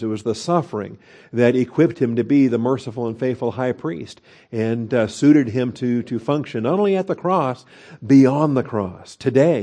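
Male pastor, mellow mid-range voice, verse-by-verse teaching with frequent "okay?" check-ins. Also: mid-range voice. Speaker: pastor teaching a Bible study. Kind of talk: expository sermon.

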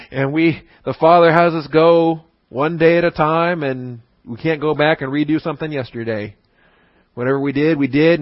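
A man's voice: on the high side, no room sound, dull audio. A man giving a conversational, emphatic sermon-style Bible lesson with frequent restarts. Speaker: Bible teacher.

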